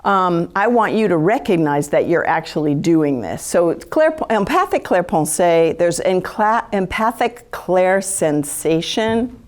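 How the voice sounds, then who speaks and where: A woman gives a live talk in a chatty, animated manner, with a somewhat low-pitched voice. She is casual with the audience and often acts out quoted inner thoughts. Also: a little slow, few pauses. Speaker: speaker giving a talk on empathy.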